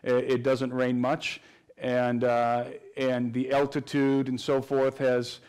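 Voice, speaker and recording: Male interview guest, mid-pitch, flat and earnest, talks in long explanations with restarts. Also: slow, smooth. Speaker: guest researcher. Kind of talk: interview answers.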